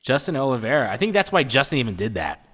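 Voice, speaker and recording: A young man co-hosts a loose, joking podcast, sometimes reading out news items. His voice sits at a medium pitch. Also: very animated, fast talker, fairly bright tone. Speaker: podcast co-host. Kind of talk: casual chat.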